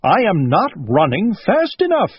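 Storybook owl: man doing a soft-hearted, muddled little owl, high and breathy. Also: huge pitch swings, unhurried, no echo, exaggerated voice. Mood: frantic. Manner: earnest and simple-minded. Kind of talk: storybook read-aloud. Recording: dull lo-fi recording.

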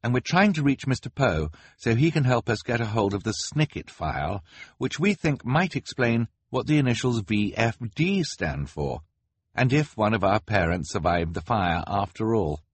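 A man's voice: lowish voice, very animated, normal speed, slightly rough, dry recording, voice pushed up. Man voicing a frightened teenage girl. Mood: pleading. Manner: pleading, breathless and urgent. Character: anxious teenage girl, eldest of three orphans.

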